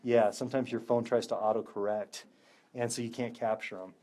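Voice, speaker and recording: A man hosts a ghost hunt in a room of a historic house, speaking to the spirits as a psychic medium. His voice is mellow and warm, and his manner is upbeat, with easy laughs. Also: mid-range voice, fairly even intonation, fairly quick. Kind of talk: live event chat.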